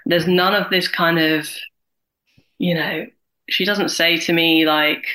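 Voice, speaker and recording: Bright-voiced woman in her forties. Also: on the low side, low-quality recording. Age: 40s. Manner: animated, acts out other people's lines in quick voices. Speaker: guest, carer and writer. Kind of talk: candid conversational interview.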